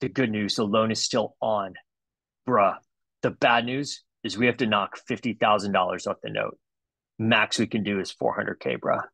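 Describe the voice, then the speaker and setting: A man's voice: on the low side, expressive, normal speed, vocal fry, a bit bright, no echo, full character voice. A man doing a laid-back bro banker. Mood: breezy. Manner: casual, drops "bruh" constantly.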